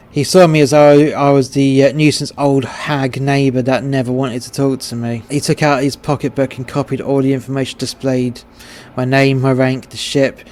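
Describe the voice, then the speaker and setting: An English man reads a story aloud in a crude, blunt way. His voice stays flat, with little rise or fall, over a faint background hiss. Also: medium pitch. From England. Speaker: narrator. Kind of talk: scripted narration of a short story.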